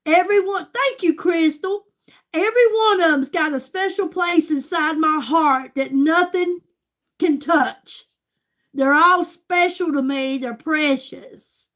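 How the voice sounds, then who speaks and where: Older woman, high-pitched, gushing livestream host chat. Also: slow, a bit bright. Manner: chatty, gushing, talks straight to viewers.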